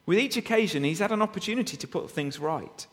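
A man's voice: high-pitched, animated, fast talker, fairly bright tone. A man preaching a sermon, reading and expounding scripture with frequent rhetorical tag questions. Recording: long reverb of a hall.

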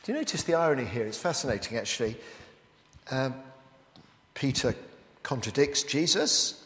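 A man's voice: medium pitch, big pitch swings, normal speed, fairly bright tone. A man preaching a sermon as he works through a Bible passage, often turning statements into rhetorical questions to the listeners. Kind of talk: expository sermon. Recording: echoey hall with long reverb.

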